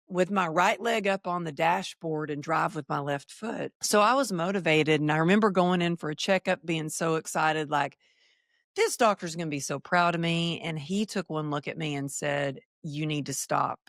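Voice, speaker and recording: Low-voiced woman telling her story. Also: no room sound, clean studio sound. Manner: animated, acts out quoted dialogue. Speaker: podcast guest. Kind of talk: personal storytelling in an interview.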